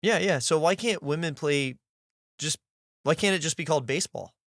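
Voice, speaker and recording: Animated, cussing male podcast co-host. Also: a little high, normal speed, no room sound, clean studio sound. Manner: animated, swears freely, presses with questions. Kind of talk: casual chat.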